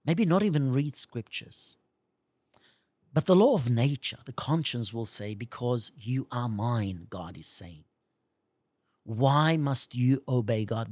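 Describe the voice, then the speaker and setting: A fervent preacher delivers a sermon slowly and deliberately, the pitch rising and falling in wide, lively swings. The voice is recorded close and dry, with no room sound. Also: no room sound. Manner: fervent, speaks at length in God's voice.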